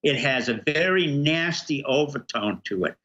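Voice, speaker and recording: A man's voice: medium pitch, lively intonation, moderate pace, sharp tone, highs cut off. A middle-aged man, a guest on a political talk show, speaking emphatically and firing off rhetorical questions. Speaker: guest commentator.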